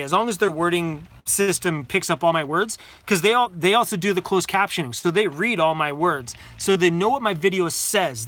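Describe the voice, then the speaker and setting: A middle-aged man with a high, bright voice chats on a live stream from his phone. He tells stories in a loose, rambling way, laughing often and swearing now and then. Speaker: vlogger hosting a live Q&A. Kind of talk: casual live-stream chat. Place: inside a van. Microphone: phone camera.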